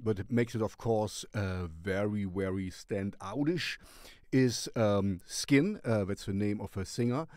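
A man hosts a music recommendation show and chats casually about a song. He talks in a hesitant, rambling way, full of fillers and restarts, in a slightly low voice. The sound is dry and close. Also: a little mellow, no echo. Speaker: radio-style music show host. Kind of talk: casual song review commentary.

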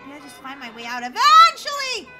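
A woman's voice: very high voice, huge pitch swings, brisk, exaggerated voice. A woman voicing a frightened young girl trapped in a nightmare, stammering and talking to herself in a roleplay game video. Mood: desperate. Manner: frantic, stammering, talks to herself. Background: background music.

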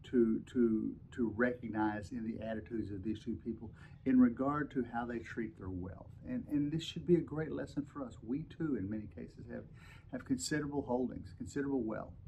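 A man's voice: medium pitch, brisk, creaky, warm tone, lo-fi sound, a little hiss or hum. A man teaching an adult Bible class, reading scripture aloud and explaining it with many restarts and repeated words. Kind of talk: Sunday school lesson with scripture reading.

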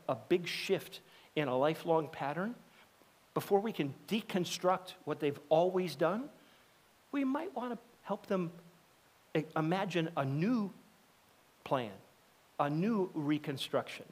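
A man's voice: fairly high pitch, animated, measured pace, breathy edge. A middle-aged man preaching a sermon as a pastor, talking conversationally and acting out the voices of people in his stories. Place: church sanctuary.

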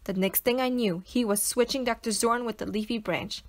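Expressive woman reading a children's story. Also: fairly high pitch, brisk. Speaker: teacher reading to students. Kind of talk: reading a children's novel aloud.

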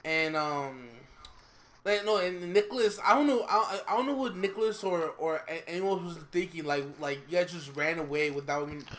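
A man telling his side of a story in casual chat, halting and restarting, with lots of fillers. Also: fairly high pitch, a bit bright. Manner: halting, stammering, many fillers.

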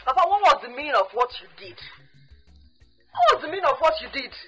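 An actress playing a young daughter who demands answers indignantly. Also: female voice, sits high, big pitch swings, fast talker, pushed and bright, faint music behind, full character voice, rough recording. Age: young adult. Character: indignant young daughter confronting her father.

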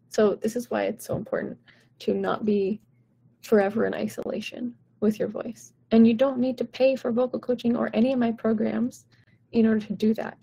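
A woman vocal coach talking to her viewers on a live stream, chatty and encouraging, with "like" and "right?" all through her talk. Her voice is husky and mellow, with some vocal fry at the ends of phrases. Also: on the high side.

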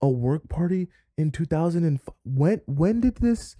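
A flustered girlfriend stumbles over her words in disbelief , as a man puts her on. Her lines come out soft and broken, with repeated half-words. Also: fairly high pitch, expressive, normal speed, no room sound, studio quality, pitched above the performer's own voice. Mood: baffled. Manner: stammering, confused. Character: bewildered female partner, stammering.

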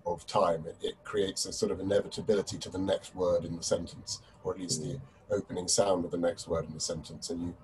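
A male professor adding thoughtful remarks in an academic discussion, with frequent pauses. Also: deep voice, little pitch movement, darkish tone. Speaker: professor guest. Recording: distant mic with faint noise.

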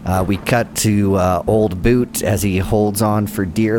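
Low-voiced guy GMing a tabletop game, laid back, takes his time narrating. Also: slight background noise. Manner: relaxed, unhurried narration with frequent pauses and chuckles. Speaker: game master.

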